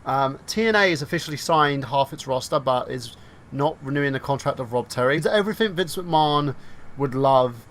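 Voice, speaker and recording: A man in a middle pitch hosting a casual podcast. He talks loosely and rambles a bit, with frequent ums and restarts. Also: lively intonation, fairly quick, a bit bright, a little hiss or hum. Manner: loose, filler-heavy delivery. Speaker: podcast host.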